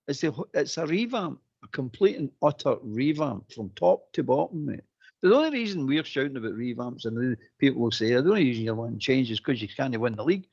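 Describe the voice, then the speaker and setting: A man's voice: fairly high pitch, gravelly, breathy edge. Blunt ranting Scottish man. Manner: blunt, ranting, repeats himself. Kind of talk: phone-in football talk. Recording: dull lo-fi phone-in audio.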